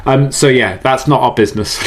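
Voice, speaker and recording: A middle-aged man chatting as a podcast guest, animated and quick to laugh, often repeating words as he restarts. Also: medium pitch. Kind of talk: casual interview chat.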